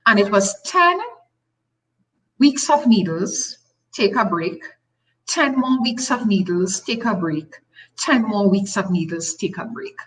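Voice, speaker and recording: A middle-aged woman with a Tobagonian accent appears as a talk show guest, animatedly telling a personal story and emphatically repeating phrases. Her voice is medium-pitched and slow, and the audio is poor.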